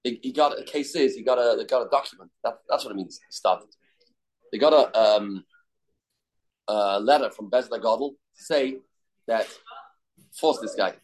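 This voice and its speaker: A man's voice: mid-range voice, low-quality recording. A man teaching a daily Talmud class, explaining loosely with restarts and of terms.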